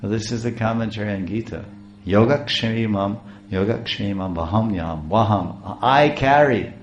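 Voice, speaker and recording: A man preaching a devotional story, halting and repeating words as he goes. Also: on the low side, highs cut off, a little hiss or hum. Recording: roomy echo.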